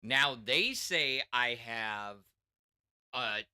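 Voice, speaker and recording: A man from Wisconsin with a mixed Wisconsin and Texas accent, hosting a livestream in casual chat, reading out donations in a halting way with restarts. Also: mid-range voice, animated, sharp tone, clear, resonant tone, dry recording. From Wisconsin, US Midwest. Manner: slow, halting, hesitant with many restarts. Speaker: stream host reading donations.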